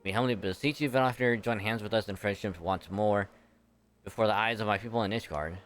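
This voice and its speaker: Brief: man as earnest noble male knight, formal, clean low voice. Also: fairly quick, a bit bright, soft background music, natural voice. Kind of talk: reading game dialogue aloud.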